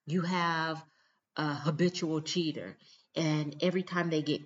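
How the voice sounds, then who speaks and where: A woman's voice: low-pitched, steady tone, unhurried, breathy edge, muffled recording. A mother talking straight to her viewers in a casual vlog, earnest, emphatic and direct. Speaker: mother giving relationship advice.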